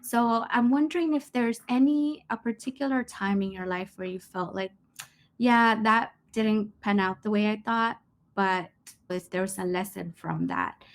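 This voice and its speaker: Woman hosting a podcast, mid-pitched voice, asks long winding questions w lots of "you know". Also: fairly even intonation, measured pace. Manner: thoughtful, rambling questions with fillers. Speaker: host. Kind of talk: casual interview talk.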